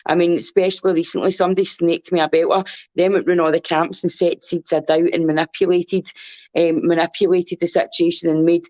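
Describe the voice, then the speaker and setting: Rambling Scottish guest, dull lo-fi sound. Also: medium pitch. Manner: rambling, earnest, swears freely, repeats "you know what I mean". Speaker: podcast guest. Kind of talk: casual chat.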